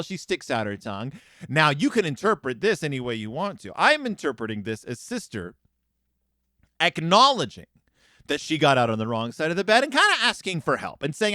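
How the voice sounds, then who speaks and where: Podcast host, middle-aged man, expressive book commentary, bright tone, dry close sound. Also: on the high side, normal speed, no echo. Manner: animated, acts out quoted lines in changing voices. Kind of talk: reading and commenting on a picture book.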